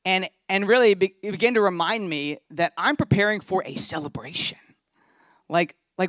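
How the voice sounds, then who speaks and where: A man's voice: high-pitched, normal speed, a bit bright, dry recording, studio quality. A man, a pastor preaching a sermon in a conversational, storytelling way.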